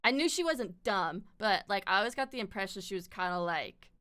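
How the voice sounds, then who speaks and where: A woman streamer chatting casually, laughing often and swearing freely. Her voice is bright and forceful with a crisp, smooth clarity, picked up on a compressed streaming mic. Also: mid-range voice, expressive, fairly quick. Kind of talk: casual chat.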